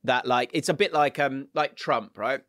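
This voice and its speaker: A man's voice: mid-range voice, moderate pace, bright, forceful tone, dry recording. Man, podcast co-host, rambling, playful, hedging, dry close sound. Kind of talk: casual chat.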